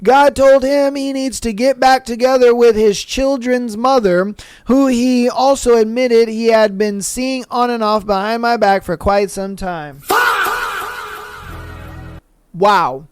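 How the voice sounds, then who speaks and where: A man's voice: very high voice, fairly even intonation, measured pace, darkish tone, clear, resonant tone, soft background music. A podcast host chatting casually and reading online threads, slangy and laid-back, calling listeners bro and man.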